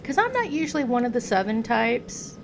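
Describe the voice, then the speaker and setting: An American woman from the United States gives chatty, casual commentary on a game, addressing its hero the way she would talk to a pet. Her voice is fairly high with big pitch swings, she speaks at a normal pace, and there's noise in the background.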